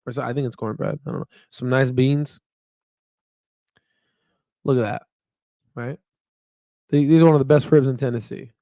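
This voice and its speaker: A chatty, upbeat man talks off the cuff on a live stream. His voice sits in an ordinary middle pitch, and he rambles through fillers and asides. The sound is dry and close, with no room echo. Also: steady tone, moderate pace, long pauses, mellow. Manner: rambling, filler-heavy, with frequent "you know what I mean". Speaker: stock market channel host. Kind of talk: casual live-stream chat.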